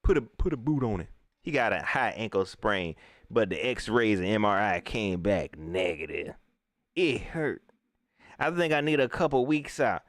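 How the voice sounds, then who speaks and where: At a moderate pace, the man riffs on his football team during a joking livestream, his animated pitch bouncing all over. He keeps the style loose and slangy, and the close, dry recording has no room sound.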